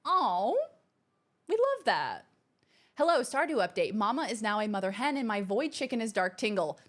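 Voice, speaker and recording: In her home streaming room, a woman hosts a livestream with an expressive mid-range voice. She chats casually, reading viewer messages aloud with gushing, bubbly exclamations.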